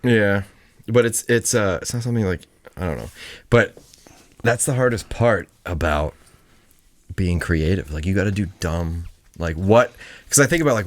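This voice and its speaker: A man's voice: sits low, no echo. A man appearing as a guest author on a podcast, telling stories in a laid-back way, full of "like" and swearing. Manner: laid-back storytelling, heavy swearing and filler "like". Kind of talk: casual chat.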